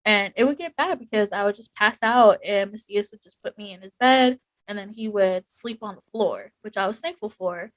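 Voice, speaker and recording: A woman's voice: medium pitch, moderate pace, few pauses, no room sound, low-quality recording. A young woman, a veteran guest on a podcast, telling her story candidly, with many "like" fillers and frank emotion.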